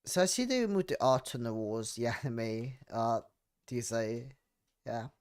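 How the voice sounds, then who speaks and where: A man streaming a horror game, commenting playfully and breaking into loud excited yelps and meows. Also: mid-range voice, normal speed, smooth.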